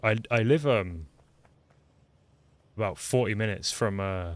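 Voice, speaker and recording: Streaming a game through a desktop microphone, this man from England rambles and pokes fun at himself, full of ums and false starts. His accent is a mixed English one, mainly Lincolnshire; his voice is fairly low and a little slow, with no room sound.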